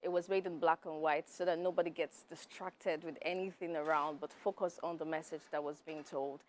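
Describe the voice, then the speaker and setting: A woman guest on a TV interview, speaking softly and hesitantly with many fillers. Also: deep voice, fairly even intonation, fairly quick, slight background noise. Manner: soft-spoken, hesitant with fillers. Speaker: filmmaker and advocate guest. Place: TV studio.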